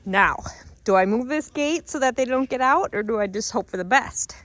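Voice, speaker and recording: On a farm among cattle, a young woman with an Upper Midwest American accent narrates casually as she works with the livestock, slightly out of breath. Her voice sits on the high side, bright and lively at a normal speed, and this farmer vlogger chats to the animals in a playful sing-song.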